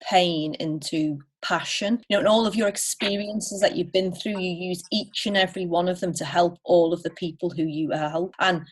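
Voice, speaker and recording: Woman podcast co-host, praising guest, slightly low voice. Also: steady tone, normal speed, hardly any pauses. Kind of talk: casual interview talk.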